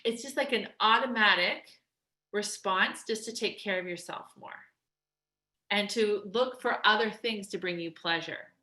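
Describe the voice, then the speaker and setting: A woman weight loss coach giving an energetic, emphatic motivational talk, chatty with lots of restarts. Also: medium pitch, a little slow. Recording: roomy echo.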